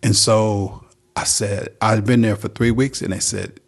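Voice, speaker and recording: Speaking unhurriedly in a steady, lowish, creaky voice, a middle-aged man from North Carolina recounts his recovery as a guest. His testimony is earnest and plainspoken.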